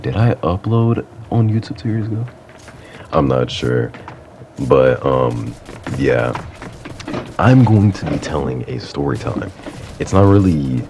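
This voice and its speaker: A young man with an extremely low, gravelly voice tells a casual story time at an unhurried pace. He rambles and fills every gap with fillers, now and then laughing at himself. Faint noise sits under his console mic. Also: a little mellow. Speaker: YouTuber. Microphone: console setup mic.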